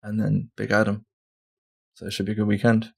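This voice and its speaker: A man's voice: on the low side, monotone, fairly quick, vocal fry, slightly rough. A man co-hosting a gaming podcast, casual and teasing, laughing often. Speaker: podcast co-host. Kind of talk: casual banter.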